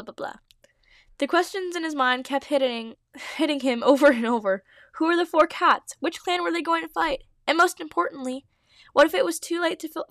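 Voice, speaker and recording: A woman reads her old fanfiction aloud as host, breaking in often with giggly, self-mocking asides. Her voice sits fairly high. The sound is dry and close, with no room echo. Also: fairly bright tone. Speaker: podcast host. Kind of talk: reading own old fanfiction with commentary.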